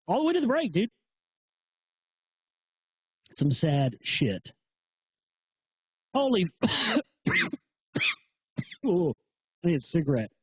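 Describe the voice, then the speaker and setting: Crude, rambling male livestream host, husky and high-pitched; dull, dry lo-fi stream. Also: no echo. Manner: crude, rambling, swears a lot. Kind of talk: profane livestream rant.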